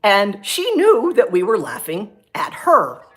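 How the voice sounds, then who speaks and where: A middle-aged woman, a former science teacher, chatting on her livestream and telling a story from her school days in an animated, ranting way. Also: measured pace. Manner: animated, ranting storyteller with big pitch jumps. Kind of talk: casual chat on a livestream.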